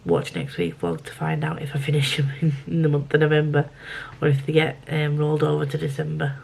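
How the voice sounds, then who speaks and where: A woman's voice: low-pitched, a little fast, vocal fry, a little mellow. Chatty woman rambling through a reading vlog. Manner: rambling, chatty, thinks aloud. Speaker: book vlogger. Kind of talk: casual reading vlog chat.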